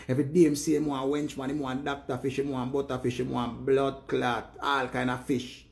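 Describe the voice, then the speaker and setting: A man's voice: on the high side, creaky, darkish tone. Earnest Jamaican man speaking Patois. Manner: earnest, preachy Patois rant. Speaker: live streamer. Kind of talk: casual monologue to viewers.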